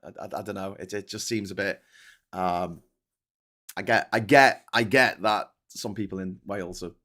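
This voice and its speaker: A man's voice: low voice, fairly even intonation, moderate pace, a bit bright. A man from Liverpool hosting a casual livestream chat, rambling and swearing often with frequent restarts. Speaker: host.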